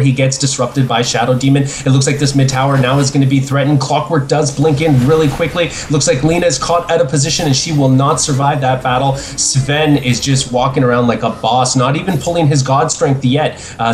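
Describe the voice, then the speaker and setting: Excitable man casting a video game match. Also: medium pitch, a little hiss or hum. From Canada. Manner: excitable, laughs often, casual. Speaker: esports caster. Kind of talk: play-by-play game commentary.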